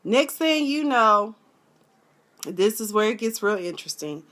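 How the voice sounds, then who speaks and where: A woman giving a sassy, animated casual review of a TV episode, full of slang. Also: medium pitch, unhurried. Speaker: TV recap vlogger.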